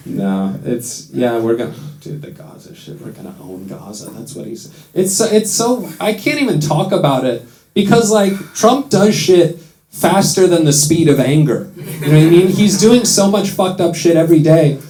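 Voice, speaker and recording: An American man doing stand-up in a London comedy club, telling sarcastic jokes in a dry, deadpan way and slipping into quick put-on voices. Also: a little high. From United States. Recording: roomy club sound with loud audience laughter.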